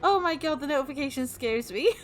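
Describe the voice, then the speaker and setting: A woman's voice: high voice, animated, fast talker, soft background music. A young woman streaming live, casually chatting and effusively thanking her viewers, often exclaiming in shock.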